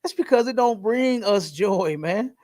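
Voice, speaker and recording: A man's voice: sits high, lively intonation, a little slow, a little mellow. A man teaching a class in a loose, casual way, telling stories and swearing freely. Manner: loose, profane, storytelling.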